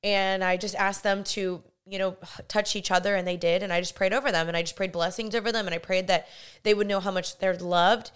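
A woman's voice: medium pitch, fairly even intonation, brisk, smooth. A young woman hosting a podcast, telling a personal faith story in an earnest, rambling way, with many fillers and restarts. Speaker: podcast host.

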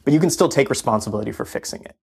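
A man's voice: medium pitch, lively intonation, rapid-fire, gravelly, a little mellow, slightly rough. A man speaking as a podcast guest in a casual conversation, earnest and reflective, with many fillers.

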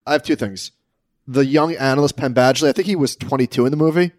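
A man's voice: medium pitch, fast, a little mellow, dry recording. Man chatting on a podcast, dry sound. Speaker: podcast co-host. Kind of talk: casual podcast chat.

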